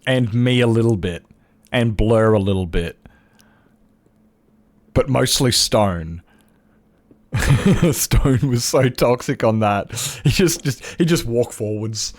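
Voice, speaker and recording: An Australian man streaming a game and chatting casually, telling animated stories and acting out other people's lines, with chuckles and restarts. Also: mid-range voice, slow, long pauses. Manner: animated storyteller who acts out customers' lines; frequent chuckles and self-interruptions. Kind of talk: casual chat while gaming.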